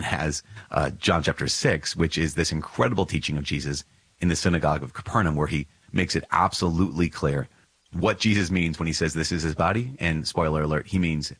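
Man, very low voice, slightly husky, earnest emphatic podcast commentary, repeats phrases, chuckles. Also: fairly bright tone. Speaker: podcast host. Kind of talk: reflective commentary on a religious text.

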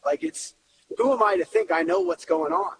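A man's voice: high voice, animated, normal speed, fairly bright tone. A man in his thirties, a coach, giving an earnest, emotional personal testimony. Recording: long reverb, faint hiss.

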